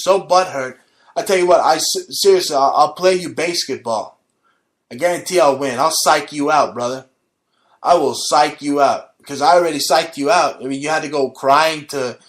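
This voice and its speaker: A man's voice: fairly high pitch, a bit bright. A man hosting his own show, delivering a profane, rambling comedic rant. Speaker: host. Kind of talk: ranting comedic monologue.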